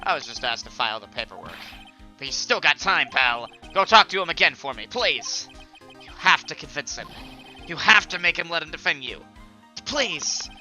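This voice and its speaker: A man voicing a gruff, loyal male police detective in a put-on Southern accent, calling everyone "pal" while reading a video game. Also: fairly high pitch, big pitch swings, normal speed, sharp tone, soft background music, heavily acted. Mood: pleading. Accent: put-on American Southern. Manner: folksy, says "pal" often. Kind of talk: Let's Play voice acting of game text.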